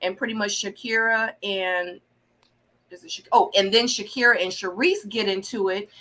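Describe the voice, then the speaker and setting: Bright animated woman reviewing a reality show. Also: moderate pace. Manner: animated, acts out quotes with big pitch jumps. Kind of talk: casual live review chat.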